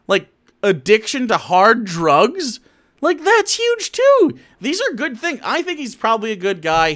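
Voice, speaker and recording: Male streamer, animated and profane, wide-ranging pitch. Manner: animated, profane, interrupting rants. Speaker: streamer reacting to political clips. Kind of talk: live stream commentary.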